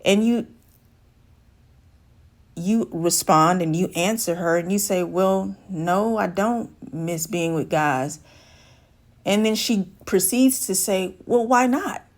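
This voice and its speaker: In a lowish voice, slowly and with long pauses, a woman life coach gives direct-to-camera advice. She talks through a common scenario, voicing the people in it and altering her tone for the women she quotes.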